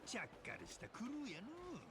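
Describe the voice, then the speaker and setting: A brash Kansai pirate captain. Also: male voice, very high-pitched, racing, over music, exaggerated voice. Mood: teasing. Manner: drawling, teasing, relaxed. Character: brash middle-aged male pirate captain, easygoing. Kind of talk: game voice acting.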